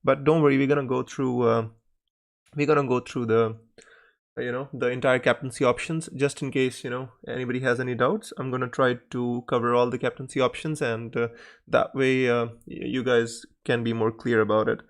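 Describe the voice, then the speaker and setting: A man hosting a casual live stream Q&A, greeting viewers by name and talking in a hesitant, pausing way. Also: mid-range voice, little pitch movement.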